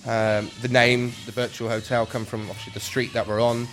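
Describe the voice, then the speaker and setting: A man's voice: mid-range voice, flat delivery, a little fast, fairly bright tone. A man who runs a scare attraction, answering interview questions in a rambling way with many ums and restarts. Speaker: attraction creator. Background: faint music.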